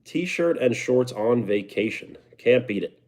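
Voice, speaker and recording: A man's voice: mid-range voice, lively intonation, unhurried, darkish tone. A young man with a New York accent, chatting casually on a live stream and answering viewer comments. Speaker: livestreamer.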